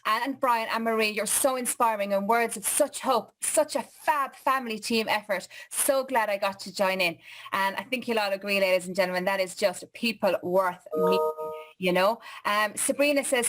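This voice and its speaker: A woman's voice: medium pitch, moderate pace, a bit bright, slight background noise. A woman hosting a live online chat show, reading viewer comments in a chatty, upbeat way over a video call. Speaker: host.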